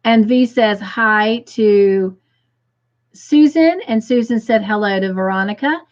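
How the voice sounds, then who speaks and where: A woman hosting a crochet live stream, reading viewer comments aloud and gushing with excitement. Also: mid-range voice, takes it slowly, muffled recording.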